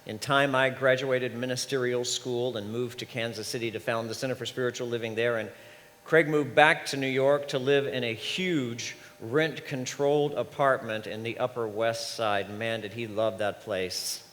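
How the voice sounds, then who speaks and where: A man's voice: medium pitch, fairly even intonation, normal speed, fairly bright tone. Man preaching a story-filled sermon in a hall. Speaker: minister. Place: large church sanctuary. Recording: reverberant hall, faint ambience.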